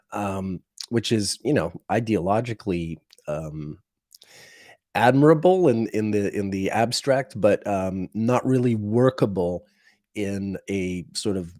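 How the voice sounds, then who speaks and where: A man with a somewhat low voice hosts a casual livestream. He rambles, restarts his sentences and chuckles at his own wry asides. The sound is dry and close, with no room in it. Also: a little mellow, no echo. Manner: rambling, halting, many fillers and restarts. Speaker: livestream host. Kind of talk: casual unscripted livestream talk.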